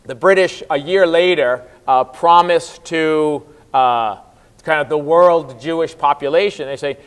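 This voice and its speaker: A man's voice: a little high, a little slow, clean tone. A man lecturing a class on history in a loose, conversational way, often acting out what historical figures said. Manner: conversational, many fillers, voices historical figures in quotes.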